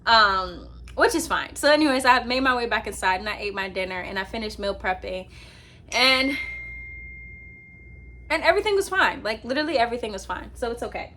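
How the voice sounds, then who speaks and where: A young woman vlogging casually from her apartment at night, telling a rambling, animated story to her laptop with many fillers. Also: a little high, a little fast, a little hiss or hum. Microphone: laptop with ring light.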